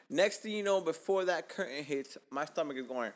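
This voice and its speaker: A man from Miami telling a casual, profane story as podcast host, jumping from loud bursts to hushed asides. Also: a little high, animated, moderate pace, in a large hall.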